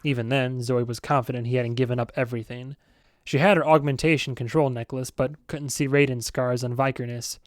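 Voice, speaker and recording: A man narrating a novel as an amateur audiobook reader, steady and with self-aware asides. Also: medium pitch, brisk, no echo, clean studio sound.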